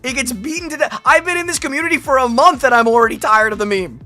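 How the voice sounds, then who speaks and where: A woman streamer chatting through a live reaction, rambling and animated, breaking into laughs and shouts. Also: high-pitched, quick pace, faint music behind. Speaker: streamer reacting to a lore video.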